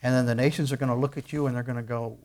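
A middle-aged pastor preaching in an easy, conversational way. His voice sits at an ordinary pitch for a man, and his talk is full of small restarts and fillers before he swells into loud, emphatic stretches. It sounds like a sermon delivered from the pulpit. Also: fairly even intonation, rapid-fire.

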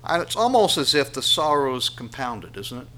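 A man preaching a sermon, swinging between loud emphatic lines and hushed ones. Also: medium pitch, big pitch swings, normal speed. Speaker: pastor.

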